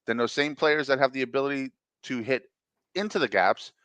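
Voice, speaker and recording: A male podcast co-host in casual sports chat who keeps hammering the same argument. His voice sits at an ordinary middle pitch. It is recorded close and dry, with no room sound. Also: a little fast, a bit bright, clear, resonant tone, no echo. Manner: argumentative, repeats his point insistently.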